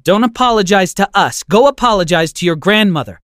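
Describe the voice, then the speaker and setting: A man's voice: high-pitched, animated, brisk, a bit bright, no echo, studio quality, voice pushed up. A man voicing a middle-aged mother who speaks sternly and in disbelief. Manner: stern, incredulous.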